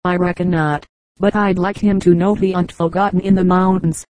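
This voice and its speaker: A woman's voice: fairly low pitch, moderate pace, no room sound, natural voice. A woman reading the lines of a poor mountain boy in a listless, passionless storybook voice. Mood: wistful. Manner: listless, flat, lifeless delivery.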